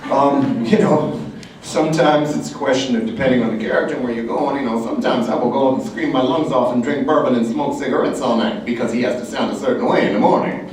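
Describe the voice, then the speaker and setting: A man, a voice actor, speaking at a convention panel and jumping into quick voices and asides. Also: mid-range voice, darkish tone, a little hiss or hum. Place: large convention hall. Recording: echoey hall, mic heard from a distance.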